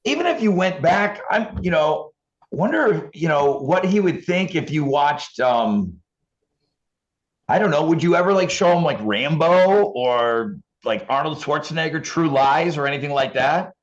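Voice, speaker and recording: A man co-hosting a podcast who asks probing questions with halting restarts. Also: fairly high pitch, animated, lo-fi sound. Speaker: podcast co-host. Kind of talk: casual chat.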